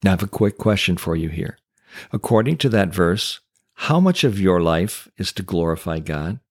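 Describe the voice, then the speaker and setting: A man's voice: low-pitched, animated, moderate pace, breathy edge, no room sound, studio quality. A man hosting a Christian teaching podcast, speaking in an emphatic preacherly way with rhetorical questions. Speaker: podcast host and Christian coach.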